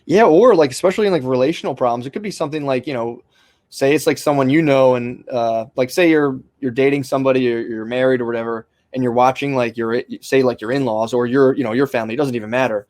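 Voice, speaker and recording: A man's voice: mid-range voice, fast talker, darkish tone, no echo. A young man in casual podcast conversation, rambling with restarts and fillers and swearing freely. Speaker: podcast host.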